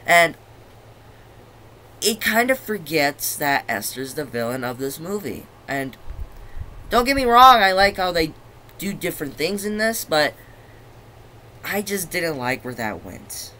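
A young man talks through his review in a bright, forceful voice, rambling and swearing as he goes. He keeps losing his train of thought. A faint hiss of background noise sits under his voice. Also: a little high, big pitch swings, unhurried, long pauses. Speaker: movie reviewer. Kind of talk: casual video review.

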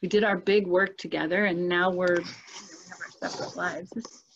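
A woman's voice: on the low side, fairly even intonation, brisk, a little hiss or hum. Earnest woman on a muffled call. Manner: earnest, emotional retelling. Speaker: guest, spiritual coach. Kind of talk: casual personal storytelling.

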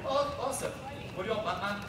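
A man performing a crowd-work street show outdoors, loudly bossing and teasing his volunteers. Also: high voice, fast talker, heavy background noise. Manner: loud, bossy and teasing with volunteers. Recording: distant echoey outdoor sound with loud crowd.

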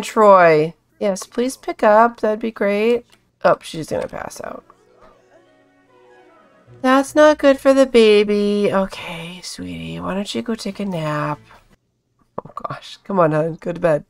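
A woman's voice: medium pitch, slow, vocal fry, faint music behind. A woman hosting a casual let's-play, chatting along and coaxing her characters with pet names. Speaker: gaming channel host.

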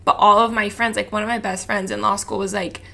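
Bright-voiced young woman, rambling chat. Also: mid-range voice, steady tone, quick pace, gravelly. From Florida, USA. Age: 20s. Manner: rambling and emotional, heavy use of "like". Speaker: podcast guest. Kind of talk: casual candid chat.

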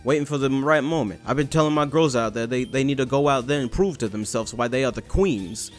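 A man's voice: medium pitch, a little fast, faint music behind, natural voice. A man voicing his game creature as a smug, self-important male turtle boss.

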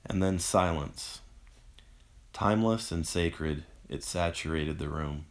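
Male author reading his own book; measured, somber, unhurried, low and gravelly. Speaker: author and narrator. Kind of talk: audiobook narration.

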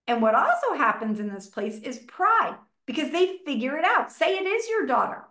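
A woman's voice: high voice, sing-song, normal speed, hardly any pauses, a bit bright. A middle-aged woman, a relationship coach giving an informal, chatty masterclass and often slipping into little acted-out dialogues. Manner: chatty, filler-heavy, acts out little dialogues. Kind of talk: informal teaching talk. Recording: echoey room.

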